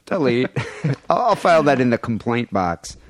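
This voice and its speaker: A man's voice: mid-range voice, big pitch swings, normal speed. A man co-hosting a casual, crude podcast, telling a news story with joking asides. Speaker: podcast co-host.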